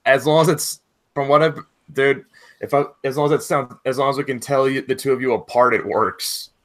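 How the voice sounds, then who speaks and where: A man's voice: mid-range voice, fairly even intonation, brisk, a bit bright. A man running a tabletop role-playing game as game master, laid-back and casual, laughing often. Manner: laid-back, laughs often, says "all right" a lot.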